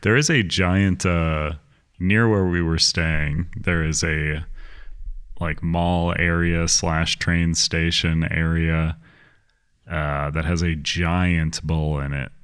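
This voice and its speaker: A man's voice: deep voice, fairly even intonation, takes it slowly, fairly bright tone, clear, resonant tone. A man co-hosting a podcast in casual chat, laid-back and dry, playing along with jokes. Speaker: podcast co-host.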